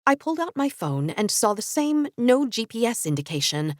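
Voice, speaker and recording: A woman narrating a fantasy audiobook in first person, expressive storytelling. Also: fairly high pitch, moderate pace, dry recording, clean studio sound.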